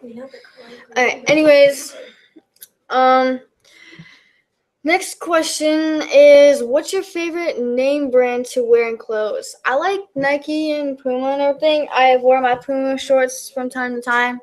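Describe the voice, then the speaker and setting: A YouTube backyard wrestling commentator, a woman with a high, steady voice, speaks slowly. She reads out questions and answers them casually and ramblingly, full of fillers and restarts.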